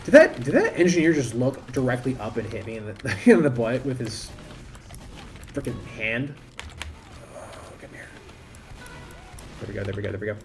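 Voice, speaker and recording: A man from the United States giving rambling, self-interrupting live commentary while he plays an online game, with sudden loud bursts of excitement. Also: medium pitch, normal speed, long pauses, music in the background. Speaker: game streamer. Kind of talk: casual live-stream commentary while gaming.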